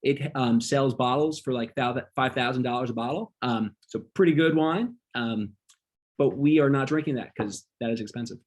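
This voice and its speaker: A man leading a casual online wine class, talking through slides with a relaxed manner and frequent ums. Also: mid-range voice, normal speed. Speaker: wine workshop instructor.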